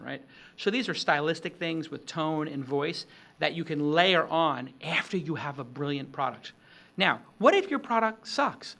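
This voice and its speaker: A middle-aged man hosting a talk on product demos, animated and acting out example pitches with shifting tone. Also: vocal fry. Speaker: host. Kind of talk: instructional talk on startup demos.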